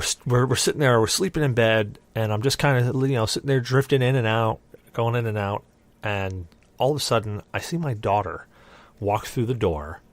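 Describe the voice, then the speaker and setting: A young adult man, the podcast host, telling a rambling, animated story with lots of restarts. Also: mid-range voice, no echo. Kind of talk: casual storytelling.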